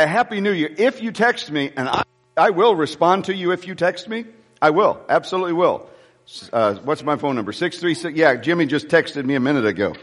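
High-voiced exuberant preacher man. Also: in a large hall. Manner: exuberant preaching, rising to shouts, joking asides. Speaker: pastor. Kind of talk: live church sermon. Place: church sanctuary before a congregation. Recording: music audible under voice.

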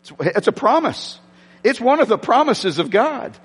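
A male pastor delivers an impassioned sermon in a church, his fairly high voice swinging widely between hushed and lifted tones. He dramatizes scripture as he reads it. The sound carries a long reverb from the large hall. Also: very animated, moderate pace, slightly rough. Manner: impassioned, dramatic shifts when quoting scripture.

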